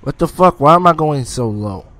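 A man giving casual gameplay commentary, excitable, swearing often and taunting enemies as he plays. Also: a little high, moderate pace, no echo.

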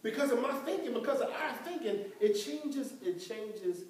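A high-voiced woman pastor preaches with lively, swooping intonation and frequent laughter. Her voice rings around a big echoey church, picked up from some distance away. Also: normal speed, a little hiss or hum. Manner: laughing often, animated, emphatic. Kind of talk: sermon.

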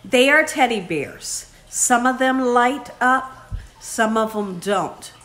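A woman vlogger talks in a casual, chatty way and speaks straight to her viewers. Her voice sits a little high, and she takes her time, unhurried. Her manner is warm and effusive. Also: animated. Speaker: vlog host. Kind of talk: casual vlog chat.

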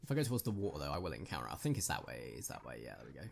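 A man's voice: very deep voice, sing-song, very fast, vocal fry, a little hiss or hum. A man hosting a gaming channel, giving casual, jokey commentary on his own gameplay and chatting with viewers.

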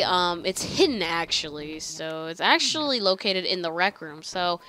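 A young woman talks through a video game into a desk mic, her voice bright and sharp-edged. She gets excitable and swears freely when the game frustrates her. Her pitch sits in the middle, and a faint hiss runs behind her. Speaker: let's play host. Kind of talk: gameplay commentary.

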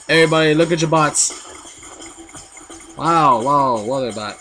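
A young man giving jokey, excitable commentary while playing a video game, with sudden outbursts. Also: on the high side, moderate pace, pauses often, faint music behind. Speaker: let's play gamer. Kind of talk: goofy gameplay commentary.

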